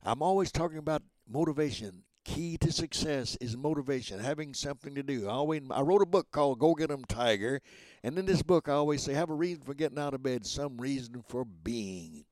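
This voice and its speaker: A man in his nineties, a former voice actor, telling lively stories in a radio interview and acting out the voices. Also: mid-range voice, fairly quick, no room sound. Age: 90s. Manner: lively raconteur who acts out voices and laughs at his own jokes. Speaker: guest, voice actor and motivational speaker.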